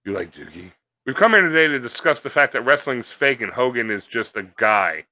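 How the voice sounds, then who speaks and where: A man's voice: mid-range voice, sing-song, brisk, bright, forceful tone, no room sound. A man co-hosting a podcast, riffing crudely and sarcastically while watching a movie. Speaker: podcast co-host. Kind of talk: casual movie watch-along banter.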